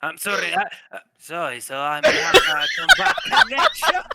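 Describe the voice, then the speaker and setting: A man's voice: on the high side, a little slow, noisy background, natural voice. A man voicing a polite, formal male butler who serves a young master. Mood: apologetic. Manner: formal, deferential.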